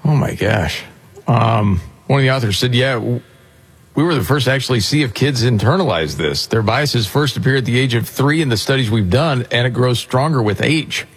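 A man's voice: mid-range voice, lively intonation, normal speed, husky. A man hosting a casual talk radio conversation, bringing up news topics for his co-hosts. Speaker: talk show host.

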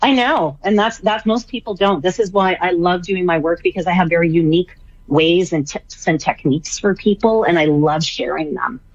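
A woman's voice: on the low side, moderate pace, no echo, dull audio. A woman guest on a radio talk show, speaking casually and enthusiastically, repeating phrases for emphasis. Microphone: remote line, traveling.

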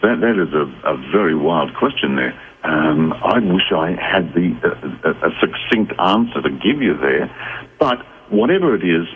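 Deep-voiced man on a phone line. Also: big pitch swings. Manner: measured, reflective explaining with restarts. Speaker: psychic guest. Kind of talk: radio call-in talk. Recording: tinny phone line with faint noise.

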